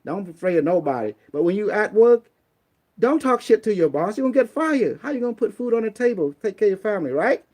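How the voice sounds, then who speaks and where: An online talk host from Cambodia gives casual motivational talk, bluntly handing out streetwise advice like a preacher and slipping into little acted quotes to drive points home. For a man, his voice sits fairly high. He's very animated, talks fast, and has a darkish tone.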